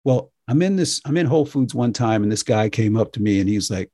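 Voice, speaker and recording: A man's voice: fairly low pitch, lively intonation, fairly quick, dark tone, dry recording, clean studio sound. A middle-aged man hosting a radio show, talking casually and with indignation, often tossing in "right?". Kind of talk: casual monologue.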